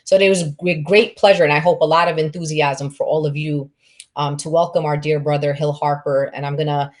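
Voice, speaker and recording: A woman's voice: deep voice, steady tone, fairly quick. A woman from New York hosting an event, introducing the next speaker with enthusiasm and many ums. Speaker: event host.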